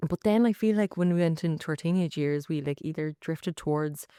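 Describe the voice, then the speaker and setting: Chatty young Irish woman, smooth voice. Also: deep voice, no echo, clean studio sound. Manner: chatty and animated, full of "like" and quick asides. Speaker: podcast host. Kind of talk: casual chat.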